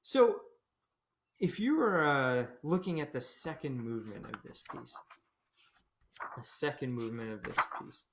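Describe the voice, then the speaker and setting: A man's voice: medium pitch, expressive, measured pace, pauses often, background noise. Roomy-sounding man teaching conducting. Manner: explains conducting, sings rhythms on syllables, greets viewers. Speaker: military band conductor. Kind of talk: livestreamed conducting lesson. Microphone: computer camera mic. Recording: roomy echo.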